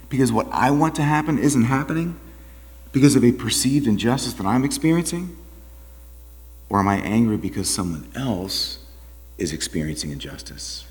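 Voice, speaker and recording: A man delivers a sermon as pastor, his low voice rising and falling in animated swings. He fires off rhetorical questions and drops into quiet asides. The sound carries the long reverb of a church hall. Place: church sanctuary.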